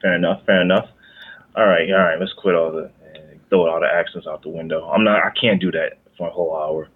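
A man with a very low voice chats loosely about films, padding his talk with ums and false starts. The sound is thin and phone-like, as if he calls in over a narrow line. He is from Michigan and talks like a regular host among friends. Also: steady tone, fairly quick, slightly rough. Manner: rambling, many fillers and restarts. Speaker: podcast co-host. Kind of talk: casual chat.

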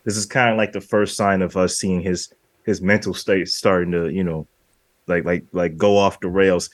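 Low-voiced man chatting about movies. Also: steady tone, normal speed, dry recording. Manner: rambling, acts out movie lines in quoted voices. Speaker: podcast co-host. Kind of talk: casual film discussion.

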